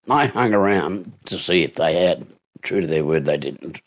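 A man's voice: low-pitched, expressive, normal speed. An Australian man, an interview guest and actor, telling stories from his past in a reflective way, acting out voices and laughing along. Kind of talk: reflective storytelling.

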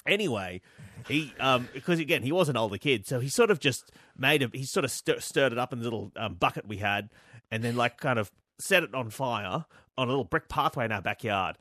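A man's voice: medium pitch, fairly quick, no echo, clean studio sound. A young man co-hosting, telling a comic story and acting out the voices in it. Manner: animated, acts out voices in his stories. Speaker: co-host.

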